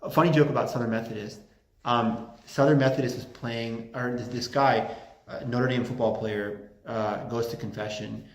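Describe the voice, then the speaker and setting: A man delivers a relaxed lecture to a small group at a campus center, joking freely and wandering into anecdotes. His mid-pitched voice carries a roomy echo from the space around him. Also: normal speed. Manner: joking, rambling, fond of anecdotes. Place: room at a campus Catholic center.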